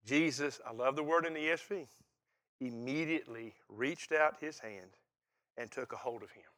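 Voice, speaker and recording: An older man preaching a sermon in a folksy, emphatic way, swinging between quiet reflection and loud, laughing energy. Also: mid-range voice, normal speed.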